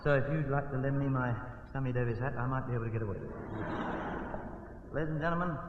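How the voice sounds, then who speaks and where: A British man doing theatrical comic banter as a guest entertainer, bursting into loud rhetorical outcries. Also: medium pitch, fairly quick, background noise. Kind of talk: comic stage banter on a TV variety show. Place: TV studio stage. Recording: echoey, distant, dull lo-fi 1960 TV broadcast.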